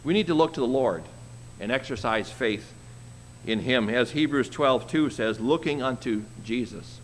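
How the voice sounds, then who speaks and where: A man preaching a sermon, reading scripture slowly and commenting on it with an easy chuckle. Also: medium pitch, big-room sound, a little hiss or hum. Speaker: pastor.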